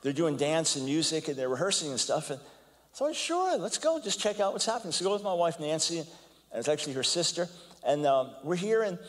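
Animated older man lecturing in a hall. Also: on the high side. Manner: animated, stumbles and repeats words, acts out quotes. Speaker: guest lecturer. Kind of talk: storytelling lecture. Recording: long hall reverb.

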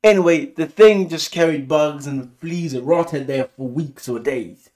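A man from Africa giving a rambling, animated and profane casual review of a TV episode. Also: measured pace. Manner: rambling, animated, profane, swings pitch widely. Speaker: TV show reviewer.

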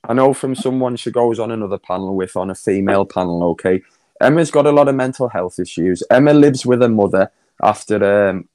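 A man on a live-stream panel, delivering slow, scornful insulting tirades with heavy swearing. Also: lowish voice, a little mellow, dry recording. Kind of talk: angry live-stream rant.

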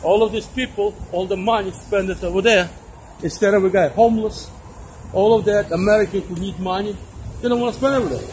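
A man's voice: sits high, fairly even intonation, a little fast, poor audio. A man giving blunt, opinionated answers in broken English during a street interview. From Russia. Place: busy street outdoors. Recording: loud street traffic noise.

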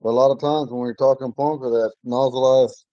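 A man teaching an online language class from his home, patiently repeating words slowly for learners. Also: mid-range voice, steady tone, mellow, no room sound, dull audio.

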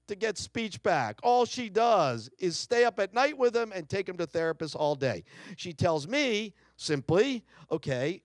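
Keynote speaker: middle-aged American man, lively high voice, dry close sound, dramatic storytelling. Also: dry recording. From United States. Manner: dramatic storyteller, acts out family quotes. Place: lecture hall.

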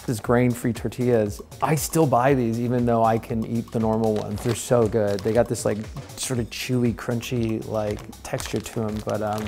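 A relaxed man in his thirties chats about food and training at home, laughing easily and leaning on fillers. His mid-range voice carries a gravelly edge, with soft music playing underneath. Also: medium pitch, moderate pace. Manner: relaxed, chatty, laughs often, lots of fillers. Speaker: interview guest, pro snowboarder. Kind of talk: casual chat. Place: house, indoors.

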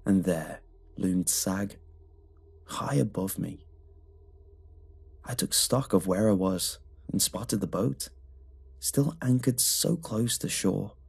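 A man reading a horror story aloud in a measured, scripted narration. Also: deep voice, creaky, slightly rough. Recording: soft music underneath.

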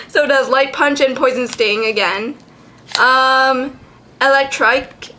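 High, bright-voiced giggly woman vlogger. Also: takes it slowly, pauses often. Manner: giggly, excitable, swears freely. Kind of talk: casual chat.

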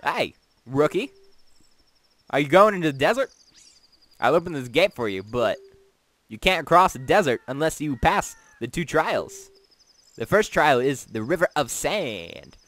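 A man voicing a male gatekeeper, reading game text in a brisk, bossy tone close to his own voice. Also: a little high, big pitch swings, a bit bright.

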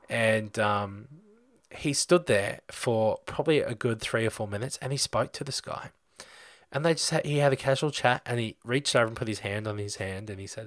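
A man's voice: lowish voice, fairly quick, dry recording, clean studio sound. A young Australian man hosting a podcast, telling a rambling personal story in a casual way with lots of fillers. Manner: rambling, animated anecdote with many fillers. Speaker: podcast host.

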